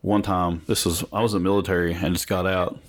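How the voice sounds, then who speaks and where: A man with a very low voice hosts a relaxed chat with an old friend. He tells stories with animated, self-mocking energy, recorded in a room at home that is not soundproofed. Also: fast. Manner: animated storytelling with laughs and self-mockery. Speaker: podcast host. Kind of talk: casual chat. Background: passing traffic and children audible.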